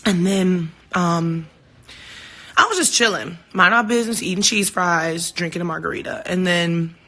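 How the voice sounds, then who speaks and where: Woman, casual phone-livestream chat; bright, forward tone, heartfelt and candid, swears freely. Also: fairly low pitch, moderate pace. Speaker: singer hosting a livestream.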